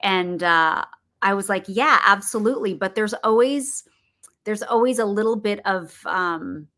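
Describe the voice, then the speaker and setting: A middle-aged woman chats as an interview guest, with a bright, forward tone. She rambles warmly through fillers and self-corrections and laughs often. Her voice sits at a middle pitch. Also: measured pace. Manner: chatty, laughs often, many fillers and restarts. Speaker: guest actress and producer. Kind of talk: casual interview chat.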